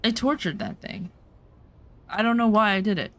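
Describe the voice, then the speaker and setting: A woman's voice: medium pitch, moderate pace, a little hiss or hum. A woman streamer chatting casually over gameplay, telling personal stories bluntly and emphatically, swearing now and then.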